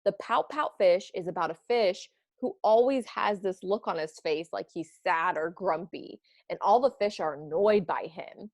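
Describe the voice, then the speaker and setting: Woman, teacher, kids' writing lesson, expressive, read-aloud, dry room. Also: on the low side, moderate pace, hardly any pauses, no echo. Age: adult, parent of children. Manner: animated, expressive, bursts of excitement.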